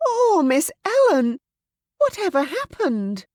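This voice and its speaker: A woman voicing a frightened but steady young lady's maid in a historical romance audiobook, pleading urgently. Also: a little high, moderate pace, no echo, clean studio sound, pitched above the performer's own voice. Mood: panicked.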